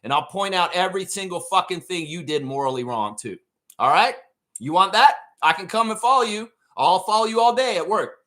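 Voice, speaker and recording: A man's voice: high voice, animated, fairly quick, sharp tone. A man hosting a sports fan show who rants in a blunt, profane, heated way. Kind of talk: ranting sports commentary.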